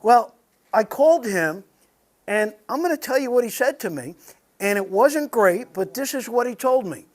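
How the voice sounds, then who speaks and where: A man's voice: very high voice, expressive, moderate pace. A man giving a conversational sermon to a men's group, earnest and personal, speaking straight to the people in the room. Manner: earnest, personal, addresses the audience directly. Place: meeting room with a live audience.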